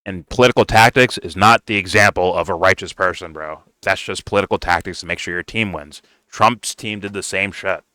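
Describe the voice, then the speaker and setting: A man's voice: low voice, fairly quick, hardly any pauses, bright, forceful tone, dry recording. A man ranting bluntly in reaction to a political video, swearing constantly and calling the listener "bro.". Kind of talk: profane reaction rant.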